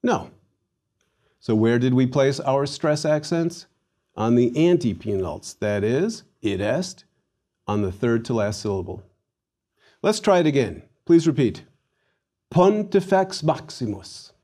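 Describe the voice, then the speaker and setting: A middle-aged man delivers a Latin lesson at an unhurried, measured pace. He drills pronunciation with deliberate, theatrical emphasis on each Latin word, with a voice of middling pitch. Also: expressive, warm tone. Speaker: Latin teacher. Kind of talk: recorded language lesson.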